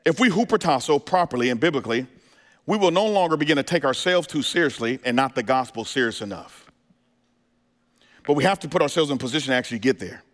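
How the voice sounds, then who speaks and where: The hall reverb of a church sanctuary surrounds a male pastor who talks fast with lively intonation in a mid-range voice. He preaches with call-and-response asides, firing questions and asking his congregation if they are ready.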